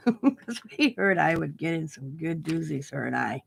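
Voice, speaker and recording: A woman's voice: sits low, slow, creaky, long pauses, darkish tone, breathy edge. An older woman from Wisconsin, a craft channel host, rambling through family stories while crafting and laughing at her own tales. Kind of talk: casual chat while crafting live.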